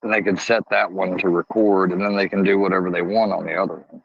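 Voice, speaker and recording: A man's voice: low-pitched, little pitch movement, fast talker, gravelly, husky, no echo. A man talks in a rambling, loose way on his livestream. He sounds like he is at home. The audio is a little dull and lo-fi. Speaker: livestream host. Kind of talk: casual livestream chat. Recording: slightly dull lo-fi stream audio.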